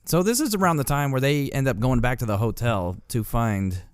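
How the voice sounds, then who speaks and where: A man's voice: medium pitch, animated, brisk, smooth, dry recording, studio quality. A man co-hosting a podcast, joking and laughing as he recaps a movie in casual chat. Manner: laid-back, jokey, laughs often. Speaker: podcast co-host.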